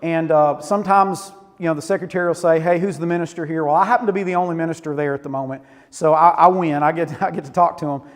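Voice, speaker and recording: Man in his 40s, youth preacher, high voice, lively storyteller, hall reverb. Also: fast, hardly any pauses. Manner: animated storytelling with Southern "y'all". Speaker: youth pastor. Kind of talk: sermon. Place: church auditorium.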